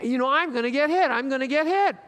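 A pastor acting out a startled, indignant male driver who shouts in outrage. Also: very high-pitched, fast, big-room sound, voice pushed up. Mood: alarmed.

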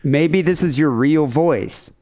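A man's voice: fairly high pitch, takes it slowly, mellow. A man hosting a comedy podcast in casual chat, with a wry, teasing manner. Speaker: podcast host.

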